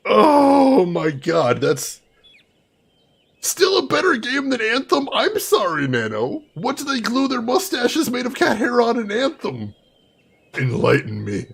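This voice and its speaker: A man's voice: extremely high pitch, huge pitch swings, unhurried, creaky, fairly bright tone, breathy edge. A man commentating a video game playthrough, sarcastic and amused, talking to his chat. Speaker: game streamer. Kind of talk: let's play commentary.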